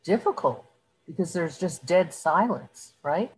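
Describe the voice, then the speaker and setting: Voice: mid-range voice, expressive, a little slow, a little mellow, slightly rough, low-quality recording. Brief: casual meeting voice, hedging, lots of fillers. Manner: hesitant, filler-heavy, self-deprecating. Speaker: meeting participant. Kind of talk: casual chat.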